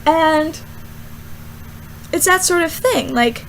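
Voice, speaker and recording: A young woman, a student, rambling casually through a Bible verse vlog with lots of fillers and animated asides. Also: high-pitched, moderate pace, slight background noise, rough recording. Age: young adult. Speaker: student vlogger.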